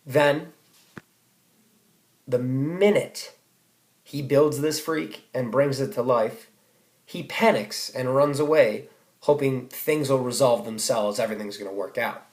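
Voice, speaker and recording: A man's voice: mid-range voice, slow, pauses often, darkish tone, roomy sound. A teenage boy reading out a comic personal essay for school, wry and self-mocking, with sudden outbursts. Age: teens. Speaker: student giving a speech.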